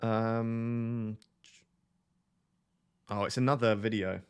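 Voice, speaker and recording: A man chatting excitedly on a live stream, often restarting his sentences while he clicks around. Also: fairly low pitch, extremely slow, clean tone.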